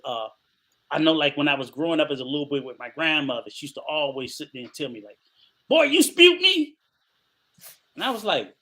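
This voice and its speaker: An older man co-hosting a podcast, chatting casually and spinning animated stories full of laughter and acted-out voices. His voice sits a bit high for a man and rings bright and forceful. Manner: animated storytelling, laughs often, acts out voices. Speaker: podcast co-host.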